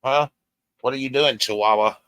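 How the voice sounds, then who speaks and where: A man co-hosting a casual livestream chat, easygoing and drawling, cooing softly to his dog now and then. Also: medium pitch, moderate pace, clean tone. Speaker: livestream co-host.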